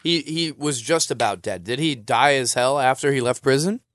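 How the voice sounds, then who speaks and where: A man's voice: mid-range voice, normal speed, a bit bright, no room sound, clean studio sound. A man on a comedy podcast who keeps chiming in with crude jokes during casual banter. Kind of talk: joking banter.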